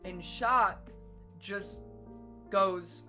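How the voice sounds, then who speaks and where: Young guy streamer rambling thru a story, lively and laughy, swears a lot, soft music behind. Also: high-pitched, normal speed. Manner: animated, laughs often, swears freely. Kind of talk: casual storytelling.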